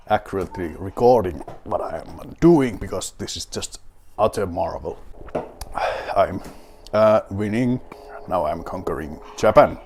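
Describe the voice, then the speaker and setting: A Finnish gaming video host with a lowish, slightly mellow voice mutters to himself while playing a rally game. He's got a beer in hand, and his tone is wry and mock-grand.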